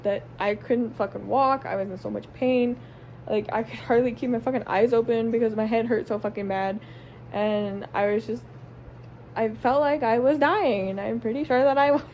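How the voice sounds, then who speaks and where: A woman's voice: a little high, darkish tone, a little hiss or hum. A young woman, a stay-at-home mom, casually and candidly telling a personal story to camera, swearing constantly and stringing her sentences together with lots of "like" and "um". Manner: run-on sentences with many likes and ums.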